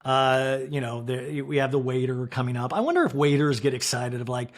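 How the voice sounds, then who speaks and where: A man from Kansas hosting a podcast, recapping a reality TV episode in casual, animated talk and acting out the cast members' lines in mock voices. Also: mid-range voice, a little fast. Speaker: podcast host.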